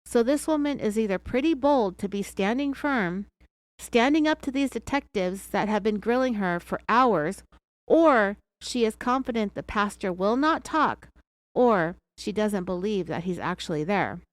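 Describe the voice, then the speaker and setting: A woman's voice: mid-range voice, animated, measured pace, dry recording. A woman with an American accent hosting a true crime podcast, telling the story in a sarcastic, chatty way. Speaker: podcast host.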